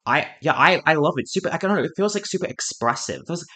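A woman's voice: deep voice, quick pace. A woman hosting a reaction video, talking casually with lots of swearing, fillers and restarts. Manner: excitable, swears a lot, many fillers and restarts.

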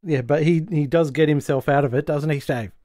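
A man hosting a podcast, who recaps a sitcom episode in a casual, animated way and acts out the quotes. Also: on the high side, brisk, no room sound, studio quality. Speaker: podcast host. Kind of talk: casual chat.

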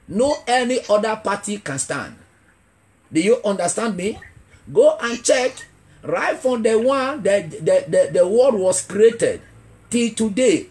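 A man preaching a revival sermon as an evangelist, asking the congregation questions and repeating key phrases for emphasis. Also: sits high. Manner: emphatic, builds to shouting.

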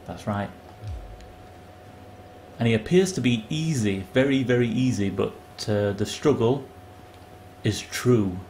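Excitable man streaming a game. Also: on the low side, unhurried, pauses often, slight background noise. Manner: excitable, chatty, greets viewers by name. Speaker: live-streamer. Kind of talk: casual live game commentary.

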